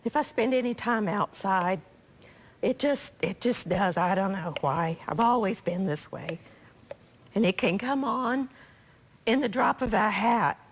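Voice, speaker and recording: A woman hosting a live cooking demonstration, her voice raspy from allergies, chatting homily with viewers. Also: mid-range voice, expressive, unhurried. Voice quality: chatty, homey, talks to viewers directly. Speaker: cooking show host.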